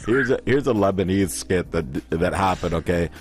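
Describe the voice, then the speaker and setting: A man's voice: low voice, lively intonation, normal speed. A man in casual conversation, animatedly retelling comedy skits as a storyteller. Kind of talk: casual chat.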